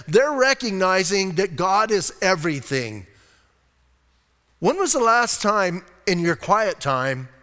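High-voiced pastor preaching in a reverberant church. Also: male voice, pushed and bright. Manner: conversational, keeps saying "listen, man"; emphatic, rises on key points. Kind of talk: sermon.

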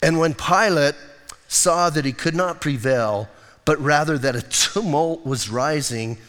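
A male pastor preaching a sermon in a church sanctuary, telling a Bible story in a casual, animated, conversational way. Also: on the high side, measured pace. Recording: long hall reverb.

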